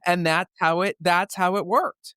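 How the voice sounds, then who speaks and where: A man's voice: sits high, steady tone, unhurried, bright, forceful tone, smooth, dry recording, studio quality. A man hosting a casual interview show, upbeat and joking as he leads his guest through set questions. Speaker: podcast host.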